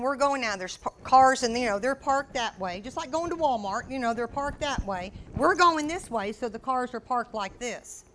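A woman preaching a sermon, telling a personal story with animated storytelling and acting out shouts and quotes. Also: fairly high pitch.

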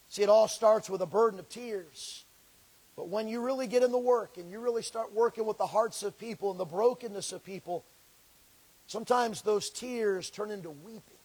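A man preaching a sermon, reading scripture slowly and swinging between loud pleading and hushed lows. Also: slightly rough. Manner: reads scripture in slow, drawn-out delivery.

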